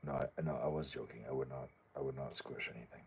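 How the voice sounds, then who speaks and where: A man hosting his own channel, answering viewer questions in a rambling, halting casual chat full of restarts. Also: steady tone, a little hiss or hum. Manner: acts out pet voices in a high squeaky tone.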